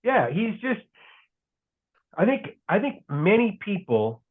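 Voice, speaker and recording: A man's voice: high-pitched, big pitch swings, slow, slightly rough. A middle-aged man, a guest broadcaster, telling casual rambling stories on a podcast and correcting himself as he goes. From United States. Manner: rambling, self-correcting anecdotes. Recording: tinny phone-like line.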